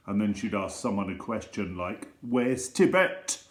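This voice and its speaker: A man leading a school assembly, telling funny stories and reading jokes to children in a gentle, teasing way. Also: fairly low pitch, flat delivery, moderate pace, echoey room.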